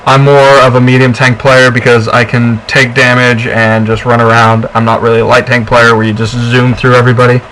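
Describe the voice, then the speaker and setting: A man's voice: mid-range voice, flat delivery, a little fast, hardly any pauses, a bit bright, slight background noise, poor audio. A young man co-hosting a casual game walkthrough, chatty and rambling with lots of fillers. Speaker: co-host of a gameplay video.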